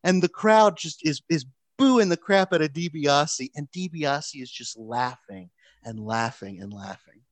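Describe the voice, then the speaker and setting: Animated man telling a story. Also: fairly high pitch, measured pace, dry recording. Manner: animated, lots of restarts and "like". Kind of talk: casual storytelling chat.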